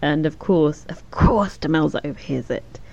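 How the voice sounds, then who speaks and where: A woman's voice: deep voice, normal speed, gravelly, a little mellow. A woman co-hosting a podcast, recapping an episode in casual chat, laughing often and acting out characters' lines. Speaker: podcast co-host. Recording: dull lo-fi sound with faint noise.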